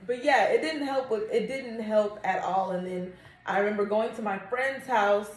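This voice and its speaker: A young woman co-hosting a casual podcast, candid and quick to laugh. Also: mid-range voice, reverberant. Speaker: podcast co-host. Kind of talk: casual chat.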